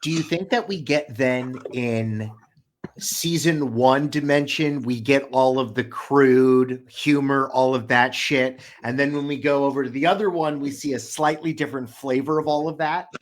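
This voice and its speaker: A young man co-hosting a podcast, mostly asking questions in a quick, relaxed, casual way. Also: mid-range voice. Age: young adult. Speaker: podcast co-host.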